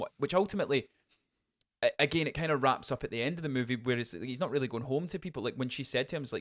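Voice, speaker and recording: A young man co-hosting a podcast, chatting excitedly about a film and acting out quotes in voices. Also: medium pitch, racing. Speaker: podcast co-host. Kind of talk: casual film review chat.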